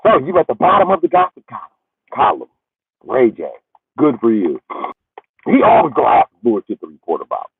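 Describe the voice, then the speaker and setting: A man doing a profane comedic rant on a livestream. He swings from high yelling to low muttering. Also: wildly swooping pitch, a little fast, creaky, long pauses, husky, dry recording. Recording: tinny phone-like audio.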